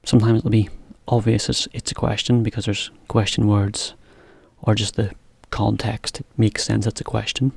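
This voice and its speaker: Low, gravelly man teaching English. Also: normal speed, no echo. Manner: relaxed, explains with examples and small laughs. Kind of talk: casual English lesson for Japanese learners.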